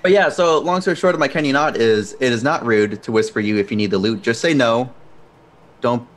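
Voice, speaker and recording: Young guy on a gaming podcast, swears a ton, laughs a lot, regular pitch. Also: brisk. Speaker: podcast co-host. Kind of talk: casual gaming chat.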